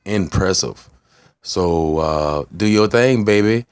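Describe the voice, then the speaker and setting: A man vlogging in a loose, rambling way, swearing freely and giving shout-outs to his viewers. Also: low-pitched, takes it slowly, clean tone, dry recording, clean studio sound. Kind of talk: casual rambling vlog.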